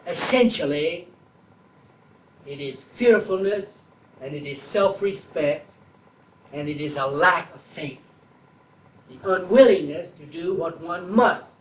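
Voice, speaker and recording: Slow, high-voiced preacher in echoey church. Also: male voice, recorded from a distance, a little hiss or hum. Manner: slow, deliberate preaching that builds to emphatic repetition. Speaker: traditionalist Catholic preacher. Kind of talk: sermon.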